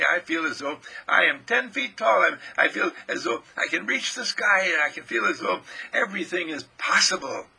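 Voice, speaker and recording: Male preacher, husky and a bit high-pitched, really animated sermon. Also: rough recording. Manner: animated, acts out joyful inner voice in high excited tones. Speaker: minister. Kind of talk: recorded inspirational sermon.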